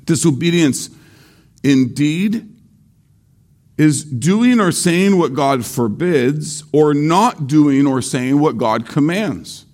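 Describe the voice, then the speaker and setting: A man preaching a sermon slowly and deliberately, repeating key phrases for emphasis. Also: a little high, lively intonation, darkish tone. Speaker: pastor.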